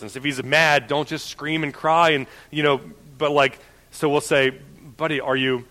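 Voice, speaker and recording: A young man preaching a sermon, moving from a personal story told in a quiet conversational voice to forceful preaching. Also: medium pitch. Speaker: pastor. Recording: church hall reverb.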